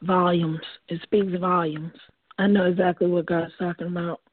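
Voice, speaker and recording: A woman of about forty, a caller on a live show, speaking softly and gratefully. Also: on the low side, little pitch movement, moderate pace, no room sound. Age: 40s. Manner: soft-spoken and grateful. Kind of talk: call-in conversation. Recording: tinny dry phone line.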